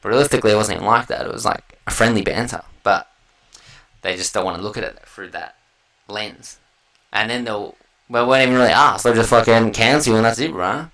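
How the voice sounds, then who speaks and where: Australian man, gravelly low voice, forceful, swearing, rambling solo podcast rant. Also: brisk, rough recording. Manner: heavy swearing, loose slangy banter. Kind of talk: casual rambling monologue.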